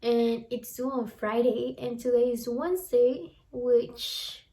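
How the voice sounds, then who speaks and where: A young woman chatting to the camera in a relaxed vlog, rambling and filling her talk with "like" and "honestly". Her voice is fairly high but soft and mellow. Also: slow pace, husky. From from abroad, lives in the US. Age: young adult. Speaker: vlogger. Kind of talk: casual vlog chat to camera.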